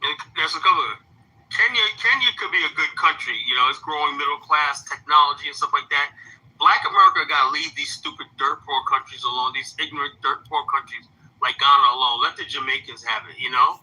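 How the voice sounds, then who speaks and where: A man's voice: fairly high pitch, a little fast, bright, forceful tone, husky, low-quality recording. A man giving heated commentary, firing off blunt rhetorical questions and repeating himself. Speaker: commentator in a played clip. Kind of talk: heated commentary reacting to a clip.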